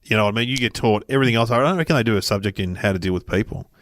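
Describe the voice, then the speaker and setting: A middle-aged man, co-hosting a podcast and telling anecdotes in a relaxed, chuckling way. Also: on the low side, very fast, dry recording, studio quality. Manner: laid-back, storytelling, chuckles often. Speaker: podcast co-host. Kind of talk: casual chat.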